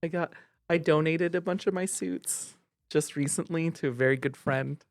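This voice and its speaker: A man co-hosting a podcast in casual chat, animated, quick to laugh and playfully indignant. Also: fairly high pitch, no echo. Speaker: podcast co-host.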